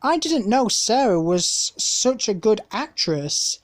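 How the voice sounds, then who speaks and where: A woman's voice: mid-range voice, big pitch swings, slow pace, no room sound, pitched above the performer's own voice. A woman voicing an eager young boy playmate in a storybook reading.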